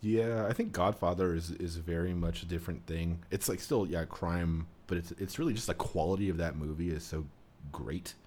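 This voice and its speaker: A man's voice: deep voice, moderate pace, a little mellow, slight background noise. A man co-hosting a podcast in casual chat, rambling and amused, with lots of fillers. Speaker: podcast co-host.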